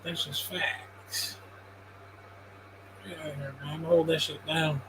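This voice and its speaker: A man's voice: on the high side, flat delivery, takes it slowly, noisy background. A man hosting a casual livestream sports talk show, laid-back, profane and dismissive. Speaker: host.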